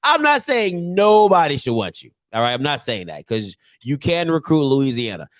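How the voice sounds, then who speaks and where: Animated, high-voiced sports show host. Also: male voice, normal speed. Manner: animated, joking, repeats himself for emphasis. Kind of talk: sports commentary monologue.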